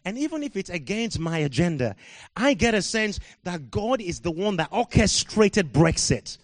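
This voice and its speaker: A preacher from Africa delivers a sermon, dropping to quiet, musing asides before building into loud, shouted exhortation. His voice sits high for a man and comes across dry and close, with no room echo. He laughs at himself now and then between points. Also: very animated, moderate pace.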